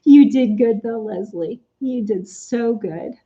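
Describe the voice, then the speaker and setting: In dull audio, a woman with a warm voice on the high side talks at a slow pace. She's an Etsy shop owner sewing at home on a live stream, chatting relaxedly and responding to viewers by name.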